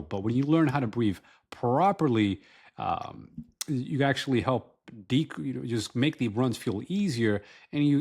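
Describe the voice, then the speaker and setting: A man with a fairly low voice talks through running and breathing advice in a relaxed, unscripted way. He often restarts his sentences and fills gaps with "uh" and "like" as he goes. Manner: loose and conversational, many fillers and restarts. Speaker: running coach and health educator. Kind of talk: casual instructional talk to camera.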